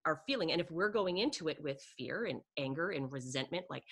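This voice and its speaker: A woman's voice: sits low, fairly quick, slightly rough. A middle-aged woman chatting casually and animatedly, often acting out her own inner voice. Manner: animated, lots of "like" and quoted self-talk. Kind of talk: casual conversation.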